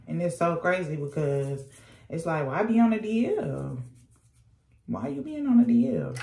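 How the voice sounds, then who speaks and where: A woman's voice: deep voice, darkish tone, roomy sound. A young woman, telling a sassy, slangy storytime while doing her makeup at home. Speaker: vlogger. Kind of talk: casual storytime chat.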